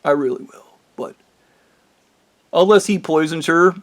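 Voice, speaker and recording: Casting note: a man ranting alone to camera, angry and swearing, slightly higher pitch. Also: measured pace. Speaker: vlogger.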